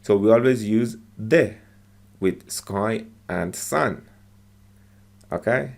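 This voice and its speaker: A man's voice: on the low side, takes it slowly, creaky, darkish tone. A man teaching English by explaining short movie lines, patiently repeating phrases and checking with "okay?".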